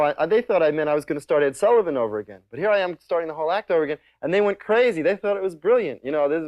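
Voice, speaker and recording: Halting man recalling his comedy career. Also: fairly high pitch, no room sound, dull audio. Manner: halting, with frequent restarts and soft fillers. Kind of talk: casual reminiscence.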